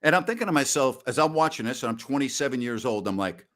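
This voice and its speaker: Guy in his 60s hosting a post-game show, loud rambling stories, cusses a bit. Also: mid-range voice, animated, quick pace. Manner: loud, rambling storyteller, salty language. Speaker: host.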